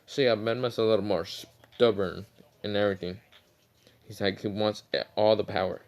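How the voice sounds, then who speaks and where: A man's voice: on the low side, steady tone, moderate pace, darkish tone. Rambling casual male storyteller. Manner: rambling, many fillers, swearing. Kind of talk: casual fan-fiction retelling.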